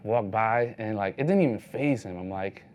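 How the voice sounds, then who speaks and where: A man with a lowish voice shares street photography stories in an easygoing, rambling way. His speech is packed with "like", and he acts out the people he meets. There is a faint hiss behind him. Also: moderate pace, a little mellow. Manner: loose storytelling, heavy use of "like", acts out other people's lines. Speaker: street photographer giving a talk. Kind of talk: casual anecdotal presentation.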